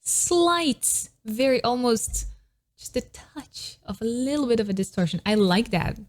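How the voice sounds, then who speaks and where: A woman's voice: fairly high pitch, big pitch swings, a little slow. A woman vocal coach giving reaction commentary on a singer, admiring and analytical, with technical vocal terms.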